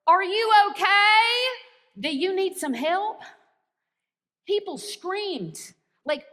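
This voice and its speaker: A woman's voice: a little high, sharp tone. A female pastor with an American accent, preaching a sermon and telling a story with wry, self-deprecating humor, in a church sanctuary. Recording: long hall reverb.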